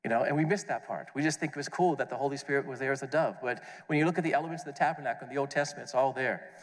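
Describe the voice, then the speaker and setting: A man preaching a conference sermon, animated, acting out questions and answers and repeating words as he goes. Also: mid-range voice, rapid-fire. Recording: long hall reverb.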